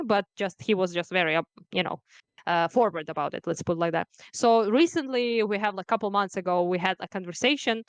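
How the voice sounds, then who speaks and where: A woman's voice: medium pitch, dry recording. A young woman from Ukraine, a guest in a casual conversation, chatty and full of fillers, laughing often.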